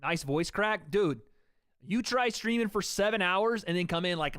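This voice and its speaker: A man calling fights on a livestream for his chat, casual and profane, jumping between play-by-play and chatter. His voice sits a bit high for a man. The sound is dry and close. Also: expressive, normal speed, a bit bright, clear, resonant tone, no echo. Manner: chatty, swears freely, talks to chat between calls. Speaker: livestream host. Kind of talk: fight watch-party commentary.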